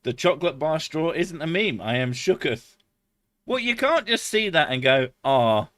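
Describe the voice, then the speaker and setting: A man's voice: on the high side, lively intonation, moderate pace, a bit bright, no room sound, clean studio sound. A man chatting casually on a live stream, swearing freely and laughing often.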